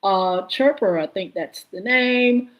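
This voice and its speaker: A woman hosting a live-stream podcast, greeting chat viewers by name and pausing often on filler sounds. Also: mid-range voice, a bit bright. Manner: halting, many filler "uh"s. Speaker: podcast host.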